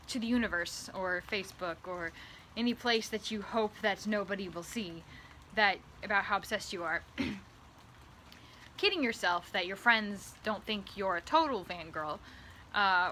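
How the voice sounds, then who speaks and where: A woman vlogging in a comedic monologue, rambling and tripping over repeated words, swinging between loud bursts and hushed asides. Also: mid-range voice, a little hiss or hum. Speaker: author vlogger.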